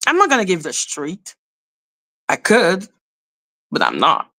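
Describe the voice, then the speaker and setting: A woman's voice: lowish voice, wildly swooping pitch, measured pace, sharp tone. A woman hosting a live stream, talking to her chat in a confrontational, scolding way. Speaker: livestream host.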